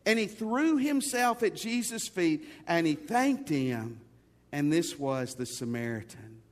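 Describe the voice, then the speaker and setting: A man's voice: fairly high pitch, very animated, takes it slowly. A man preaching a sermon to a congregation, talking conversationally and calling his listeners folks. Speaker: pastor. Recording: long hall reverb.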